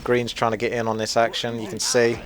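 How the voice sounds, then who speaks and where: A man's voice: medium pitch, monotone, brisk, over music. A young man with a mixed British accent giving playful, self-mocking, chatty commentary over a strategy game. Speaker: gaming commentator. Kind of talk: casual gameplay commentary.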